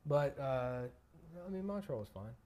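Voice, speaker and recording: A male co-host with a mid-range voice, talking quietly and hesitantly. His sentences tend to trail off in relaxed chat. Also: medium pitch, unhurried. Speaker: podcast co-host. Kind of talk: casual chat.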